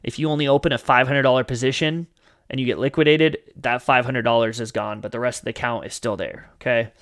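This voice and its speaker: A man's voice: mid-range voice, fairly even intonation, fast talker, a bit bright. Chatty man teaching on a livestream. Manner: chatty, frequent fillers and "you guys", acts out panicked traders. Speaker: livestream host teaching trading. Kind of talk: casual live Q&A teaching.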